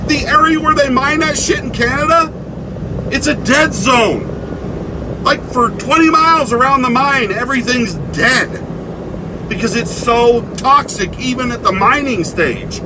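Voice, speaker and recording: A man's voice: extremely high pitch, unhurried, noisy background. A man delivering a blunt, angry opinion rant with swearing and sarcasm, recorded inside a vehicle. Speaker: vlogger.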